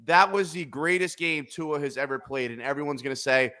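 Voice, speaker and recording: A man hosting a casual sports talk show, talking with excitable, emphatic energy and repeating his points for effect. His voice sits a little high and sounds bright and tense. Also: brisk. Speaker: podcast host.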